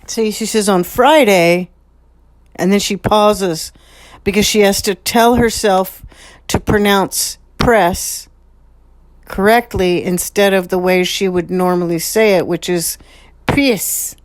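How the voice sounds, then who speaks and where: A slow-talking woman delivers rambling, repetitive commentary over video clips, dwelling on how others pronounce words. Her pace is deliberate and her pitch sits in the middle range for a woman. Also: steady tone. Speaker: channel host commenting on clips.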